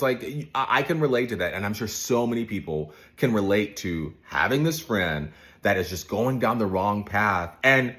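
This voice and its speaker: A man's voice: on the low side, a bit bright. A man recapping a daytime soap for his viewers in casual, opinionated commentary, talking straight to them.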